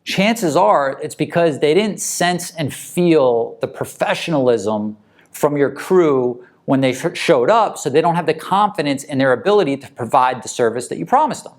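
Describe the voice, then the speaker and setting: A man's voice: a little high, lively intonation, normal speed. A man coaching moving company owners in a casual motivational talk, talking conversationally and often checking in with the listener. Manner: conversational, tag questions.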